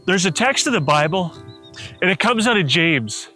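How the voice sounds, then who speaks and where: A man's voice: sits high, big pitch swings, moderate pace, sharp tone, soft background music. A man preaching a sermon, telling a personal story with feeling and acting out the voices in it, his voice rising to pleading cries. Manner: emotional, acts out quoted voices, rises to pleading cries. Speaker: pastor.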